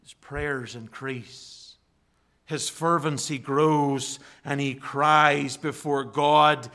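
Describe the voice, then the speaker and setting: Slow, bright-voiced male preacher. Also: medium pitch, steady tone. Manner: slow, rising to fervent emphasis. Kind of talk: sermon.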